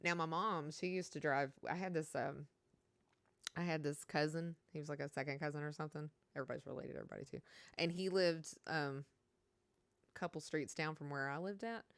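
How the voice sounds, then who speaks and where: A woman's voice: low-pitched, fairly even intonation, fairly quick, dry recording. A woman from Kentucky with a Kentucky accent, chatting casually on a stream and reading out chat, rambling and laughing as she talks.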